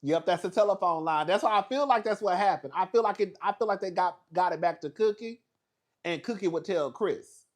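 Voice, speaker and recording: A man with a high voice speaks a little fast, hosting a casual, profane recap of reality show gossip. He's sassy and animated, full of dramatic asides, and laughs frequently.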